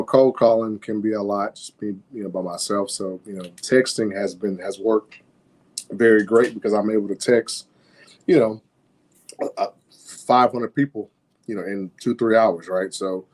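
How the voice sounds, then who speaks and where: A man calling in for advice, talking casually with many pauses and fillers. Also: lowish voice, darkish tone. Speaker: caller. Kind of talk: casual chat.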